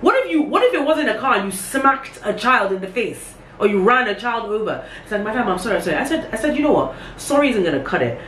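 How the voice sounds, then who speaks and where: A young woman tells a casual story on camera, speaking briskly with hardly any pauses and acting out each quote with big pitch jumps. She is recorded on a tripod-mounted camera in an echoey room with a faint background hum.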